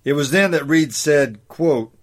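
Man reading his own essay with deliberate emphasis. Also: fairly high pitch. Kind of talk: read-aloud essay commentary.

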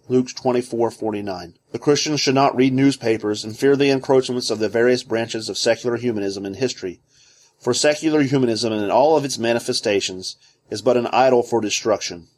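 A man reading a theology book aloud as scripted narration, in a measured, deliberate way. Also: medium pitch, darkish tone.

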